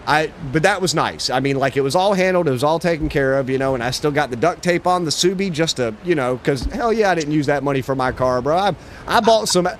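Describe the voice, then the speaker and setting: Laid-back male streamer, slangy and profane, over a faint noisy background. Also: a little high. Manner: laid-back, swearing, lots of "bro" and "dude". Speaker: livestreamer. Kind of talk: casual chat while gaming.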